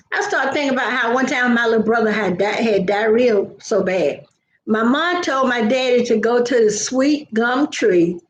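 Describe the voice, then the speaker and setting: A woman's voice: a little high, roomy sound, lo-fi sound, slight background noise. Chatty grandmother on a live stream. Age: older. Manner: chatty, greets viewers by name, storytelling asides. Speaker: livestream host. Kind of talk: casual live chat with viewers.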